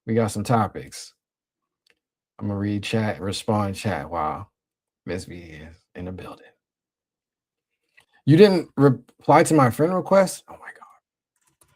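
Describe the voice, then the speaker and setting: A young man hosting a casual livestream, talking in a laid-back, slang-heavy way while reading and shouting out his chat. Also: fairly low pitch, sing-song, measured pace, pauses often. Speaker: livestream host.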